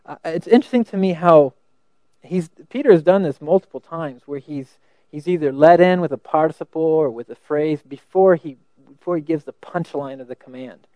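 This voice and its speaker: A man teaching a sermon, thinking aloud with restarts and slowing down to read verses. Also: a little high, dark tone, no room sound. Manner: thoughtful, halting with restarts, slows to quote verses. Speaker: preacher teaching scripture.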